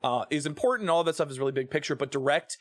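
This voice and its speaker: Male streamer, slightly high voice, loose casual chat to his viewers, dry close mic. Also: very fast, no echo. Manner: chatty, filler-heavy, greets chat by name.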